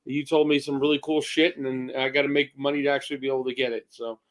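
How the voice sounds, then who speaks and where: A man in his fifties co-hosting a casual chat, gruff and rambling, with restarts and swearing. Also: mid-range voice, level tone, fast talker. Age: 50s. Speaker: co-host.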